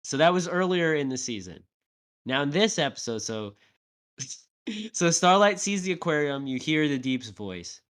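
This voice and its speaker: A man recaps a TV episode on his podcast in loose, animated talk, peppered with swearing. His voice sits a little high for a man. He keeps checking in with his co-host through tag questions and acts out the characters' lines as he goes. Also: unhurried.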